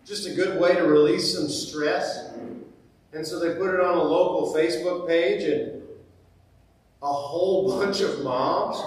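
A man's voice: a little high, slight background noise. A man preaching a sermon as pastor, in a conversational way that repeats key phrases for emphasis. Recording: very echoey church, mic far off.

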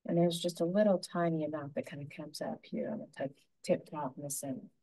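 A woman giving a gentle, unhurried painting tutorial, talking through each brushstroke as she works. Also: deep voice, steady tone, vocal fry, breathy edge, rough recording. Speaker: painting instructor.

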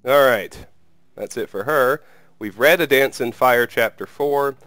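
A man hosting a game playthrough, reading an in-game book aloud in a steady, measured way. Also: mid-range voice, dry recording. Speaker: let's play host.

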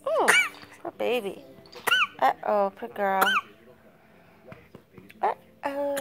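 An older woman, a grandmother babysitting, softly narrating a home video in an upstairs family room, often dropping to a whisper and coaxing the little ones. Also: mid-range voice, measured pace, vocal fry, long pauses, heavy background noise. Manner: soft-spoken, often hushed to a whisper; coaxing, praising grandmotherly baby talk. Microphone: handheld phone camera.

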